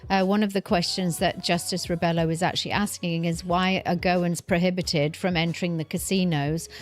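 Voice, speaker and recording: A woman's voice: fairly low pitch, steady tone, moderate pace. A woman co-hosting a panel talk show, steadily reading out points and holding her ground against interruptions. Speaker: co-host. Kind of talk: panel discussion.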